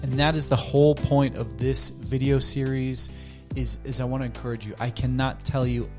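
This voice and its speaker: A man working as a counselor, calmly teaching a conflict technique and acting out sample dialogue between partners. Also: mid-range voice, moderate pace, over music. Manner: calm, demonstrates dialogue by acting out both partners. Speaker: therapist. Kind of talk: educational talk to camera.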